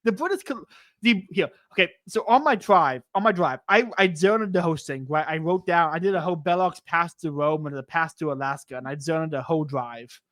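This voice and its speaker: Man, podcast host, rambling, enthusiastic, high-pitched, dry close sound. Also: brisk, no room sound. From United States. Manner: excitable, rambling, frequent restarts. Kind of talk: casual storytelling chat.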